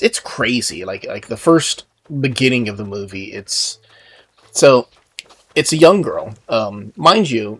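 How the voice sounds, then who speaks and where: A man's voice: medium pitch, a bit bright, breathy edge. A man casually chatting while he plays a video game, rambling and self-deprecating, with many fillers and restarts. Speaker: gaming video host. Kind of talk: casual gameplay commentary.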